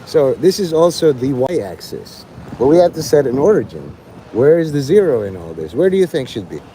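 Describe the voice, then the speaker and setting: A man's voice: mid-range voice, big pitch swings, normal speed, dark tone, slight background noise. A man livestreaming, rambling and teasing his chat, breaking into mock-angry, swearing rants.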